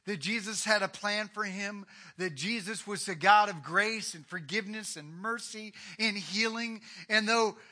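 A man preaching a sermon, retelling a Bible story with swings from hushed to loud. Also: on the high side. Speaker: pastor.

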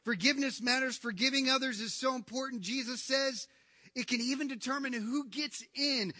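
A man preaching a sermon as pastor, emphatic, swinging from hushed lines to near-shouting. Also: extremely high pitch, moderate pace, clean studio sound. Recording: long reverb of a large hall.

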